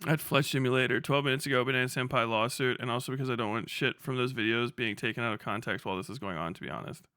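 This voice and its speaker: A man's voice: medium pitch, quick pace, sharp tone, clean tone, dry recording, studio quality. A young man doing casual livestream commentary, profane and mocking, laughing often as he rambles. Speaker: live streamer.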